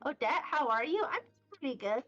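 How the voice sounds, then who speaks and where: A young woman from Wyoming chats on stream in a high, lively voice, jumping between silly tangents. The sound is a little dull and muffled. Faint music plays underneath. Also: normal speed. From Wyoming, USA. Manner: rambling, silly and playful. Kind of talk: casual chat, reading chat messages. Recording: slightly dull audio with faint background music.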